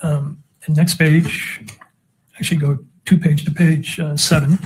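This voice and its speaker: A man's voice: a little high, level tone, unhurried, darkish tone, a little hiss or hum. A man cross-examining a witness in a courtroom with methodical, leading questions. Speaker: defense attorney.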